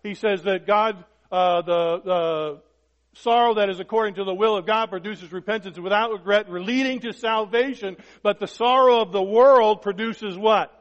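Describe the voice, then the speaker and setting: A man preaching with a notably high voice, driving home each point with "right?" and "okay?" and dropping from loud emphasis to near-hush. The sound is dull and lo-fi, and his words ring out with the long reverb of a large hall. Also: normal speed. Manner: emphatic, constant rhetorical questions, swings from loud to hushed. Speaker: pastor. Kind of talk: sermon.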